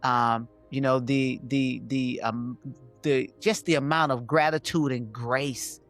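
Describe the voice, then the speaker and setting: A man's voice: mid-range voice, fairly even intonation, takes it slowly, a bit bright, soft background music. Earnest male podcast host reflecting. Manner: earnest, rambling, with many fillers and restarts. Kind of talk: casual conversational reflection.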